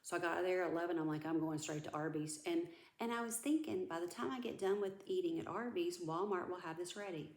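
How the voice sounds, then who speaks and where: A woman's voice: on the low side, quick pace, few pauses. Rambling woman vlogger, echoey room. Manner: rambling storyteller who vents and drops to a whisper. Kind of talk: casual chat. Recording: echoey room with background noise.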